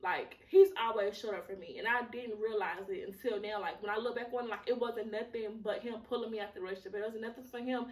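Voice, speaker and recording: Woman podcast host, candid emotional testimony, higher voice, roomy echo, sits back from the mic. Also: steady tone, quick pace, hardly any pauses, distant mic. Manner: candid and emotional, swears freely, many "like" fillers. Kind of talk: personal testimony monologue.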